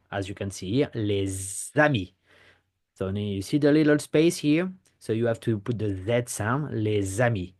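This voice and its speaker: In a pronunciation lesson recorded to camera, a man from France, a French teacher, explains things step by step and keeps checking in with "okay?" His voice is mid-range and a little mellow.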